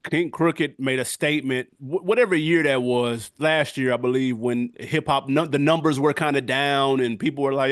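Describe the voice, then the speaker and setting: A middle-aged man co-hosting a podcast, talking in casual, animated chat full of street slang and quick laughs. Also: mid-range voice, dry recording, clean studio sound. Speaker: podcast co-host.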